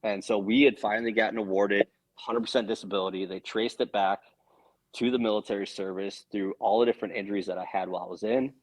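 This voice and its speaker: Low-voiced man telling a story. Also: quick pace, poor audio. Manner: earnest, animated storytelling with frequent swearing. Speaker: podcast guest. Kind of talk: casual storytelling.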